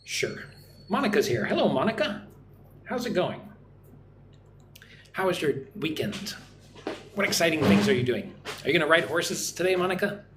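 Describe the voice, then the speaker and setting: Man, English teacher on a livestream, slightly high voice, friendly and repetitive, roomy echo. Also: very animated, noisy background. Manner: friendly, repeats "right?" often, slow careful modelling of words. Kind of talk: live-streamed English lesson. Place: home in Vietnam. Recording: echoey room with faint ambience.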